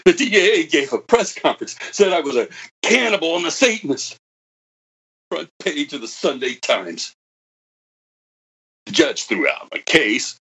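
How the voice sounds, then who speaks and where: A bitter, husky old outcast. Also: male voice, a little high, big pitch swings, measured pace, pauses often, pushed and bright, heavily acted. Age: older. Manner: bitter, swings from wry to anguished. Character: bitter old man, a broken former computer prodigy. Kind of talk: dramatic monologue performance.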